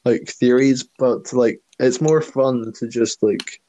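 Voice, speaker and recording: Slow, mellow-voiced man rambling in casual chat. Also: mid-range voice, slight background noise, poor audio. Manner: rambling, filler-heavy, laughs often. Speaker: podcast co-host.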